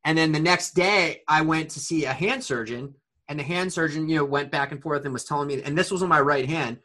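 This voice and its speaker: A man's voice: fairly high pitch, fairly quick. A man in his forties telling a rambling story in a casual chat, full of fillers. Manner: rambling, filler-heavy, animated retelling.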